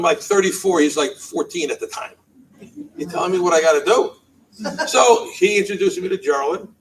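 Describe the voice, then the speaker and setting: High-voiced man telling a funny story. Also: far from the mic, a little hiss or hum, rough recording. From New Jersey. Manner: chuckles often and acts out quoted lines. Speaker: banquet speaker. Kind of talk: humorous personal storytelling speech. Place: banquet hall.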